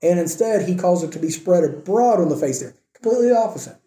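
A man preaching a sermon with earnest emphasis, swinging between raised emphatic points and quiet, soft asides. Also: high voice, animated, fast talker, roomy sound. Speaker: pastor.

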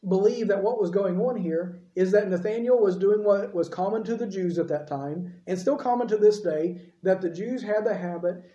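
A male preacher delivers a conversational sermon and often asks his listeners questions. His voice is mellow and soft. The sound rings in a roomy space. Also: high voice, moderate pace, few pauses, muffled recording. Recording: roomy echo.

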